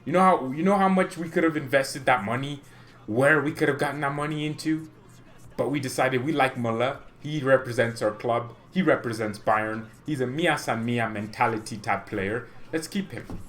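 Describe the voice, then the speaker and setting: A young man hosting a football fan channel, ranting casually to camera in an animated, mock-menacing way and chuckling between points. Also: medium pitch, normal speed, faint music behind.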